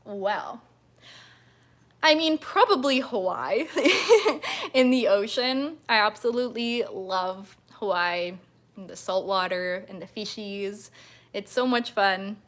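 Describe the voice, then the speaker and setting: A young woman performing as a mermaid hosts a casual livestream, reading viewer comments and chatting. Her mid-range voice is animated, slow-paced, and fairly bright, and she comes across as bubbly and giggly, gushing with thanks.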